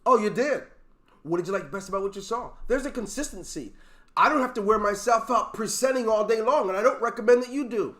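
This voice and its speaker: A man's voice: sits high, fairly quick, a bit bright. A man leading a motivational talk over a video call for his sales team, emphatic and preachy, full of rhetorical questions. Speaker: network marketing team leader.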